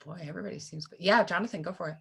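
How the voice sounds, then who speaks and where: A woman's voice: lowish voice, very fast, gravelly, husky. A woman hosting a panel discussion, cheerfully thanking speakers and handing off the floor. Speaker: panel host.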